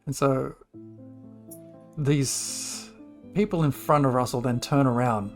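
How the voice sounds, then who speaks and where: A man's voice: medium pitch, fairly even intonation. Australian man as game master, mid-range voice, faint music under the call. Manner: laughs often, describes scenes slowly. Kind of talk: narrating a tabletop game.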